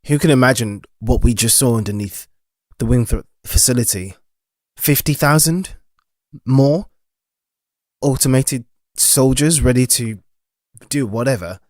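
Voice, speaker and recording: A man's voice: mid-range voice, unhurried, a little mellow, dry recording. Skeptical man in a dry studio sound. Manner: skeptical, earnest questioning. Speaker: player. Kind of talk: in-character tabletop play.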